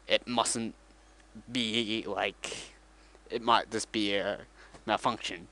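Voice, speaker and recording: A man's voice: fairly low pitch, steady tone, takes it slowly, long pauses, sharp tone. Casual male vlogger, rambling comic retelling, self-correcting.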